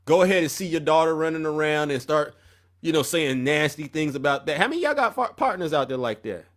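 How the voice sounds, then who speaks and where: A man hosts a heated live stream. His voice sits on the higher side, and he lectures and challenges his viewers directly in a preachy, confrontational way. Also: expressive, fast.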